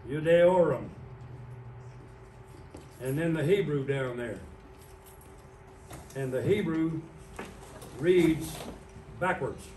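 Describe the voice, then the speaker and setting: Male pastor, slightly high voice, unhurried Bible teaching, picked up from a distance in a church. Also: a little mellow, slight background noise. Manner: explains slowly, pointing out words on a screen. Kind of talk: evening sermon with Bible teaching. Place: church sanctuary. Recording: roomy church sound from a distant mic.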